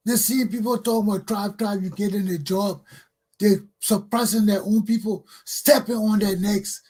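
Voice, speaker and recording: Husky, high-voiced Liberian man ranting. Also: steady tone, normal speed, darkish tone. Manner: angry, scolding, repetitive. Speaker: talk show host. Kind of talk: ranting monologue.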